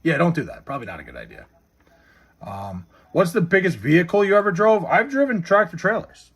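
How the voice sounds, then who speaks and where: Young man, streamer, casual live chat, blunt, swears a lot, fairly high voice, lively pitch. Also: fairly quick, creaky, slightly rough. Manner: blunt and profane, swears often, answers chat questions.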